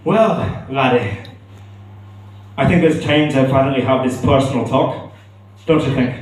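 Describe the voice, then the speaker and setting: A man's voice: mid-range voice, a little slow, darkish tone, close to an everyday voice. A man putting on a Scottish accent to voice a folksy dad who calls his son laddie, on a comedy club stage. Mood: coaxing. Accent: put-on Scottish. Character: gruff Scottish dad, father of a young boy. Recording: echoey club room, mic from far.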